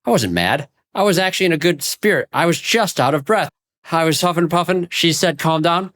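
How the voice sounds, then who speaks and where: A man hosting a podcast who tells personal anecdotes in an animated way and laughs easily. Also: a little high, brisk. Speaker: podcast host. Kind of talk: conversational podcast chat.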